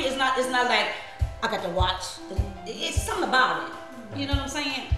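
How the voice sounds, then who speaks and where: A woman minister hosting a casual live stream, laughing often and giving lively preachy asides to her viewers. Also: fairly high pitch, a little fast, roomy sound, soft background music.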